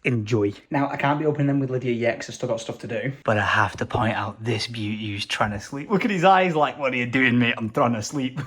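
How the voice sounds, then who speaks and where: A man, chatting casually at home in a vlog, excitable and quick to jump up in pitch when delighted. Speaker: vlogger. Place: at home, indoors.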